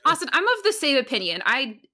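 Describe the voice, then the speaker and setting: A woman co-hosting a podcast, telling a story in casual chat, animated, laughing often and full of fillers. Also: sits high, fast. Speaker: podcast co-host.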